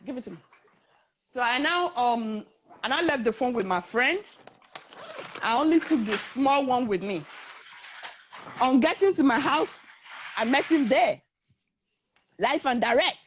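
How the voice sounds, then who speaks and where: A woman's voice: high voice, a little slow, long pauses, a little hiss or hum. A young woman, telling her own story in a casual talk and acting out the voices of the people in it. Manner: animated, acts out the voices of others in her story.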